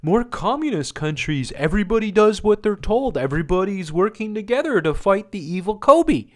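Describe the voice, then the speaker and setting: A man's voice: sits high, sing-song, normal speed, voice pushed up. A man mocking a smug official-line parrot. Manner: mocking, sing-song.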